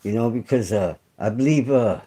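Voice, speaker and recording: A man's voice: medium pitch, lively intonation, moderate pace, dark tone, husky, rough recording. A middle-aged man hosting a casual livestream chat with viewers, rambling and swearing, full of fillers and restarts. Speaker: channel host.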